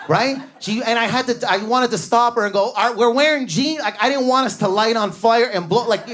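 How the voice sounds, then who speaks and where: A man in his thirties doing an animated stand-up comedy set on a club stage, telling stories with bursts of energy and acted-out voices. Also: brisk. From Canada. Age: 30s. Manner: high-energy, animated storytelling with sudden volume swings and acted-out voices.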